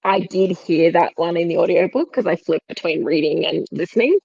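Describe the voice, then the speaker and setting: Husky woman on a dull mic. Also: lowish voice, a little fast, a little mellow, no room sound. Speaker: podcast co-host. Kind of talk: casual chat.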